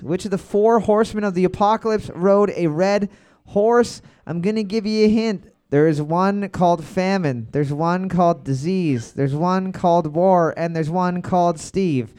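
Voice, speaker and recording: A man with a notably high voice runs a rowdy comedy trivia night. He reads the questions in a steady quizmaster cadence and fills the gaps with deadpan, silly jokes. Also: normal speed, clean tone. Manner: joking, deadpan absurd asides, quiz-reading cadence. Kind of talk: live bar trivia banter. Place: bar.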